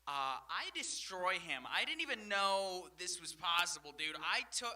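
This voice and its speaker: A young man doing a stand-up set, rambling and self-mocking, acting out his stories loudly. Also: sits high, lively intonation, normal speed, far from the mic. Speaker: stand-up comedian.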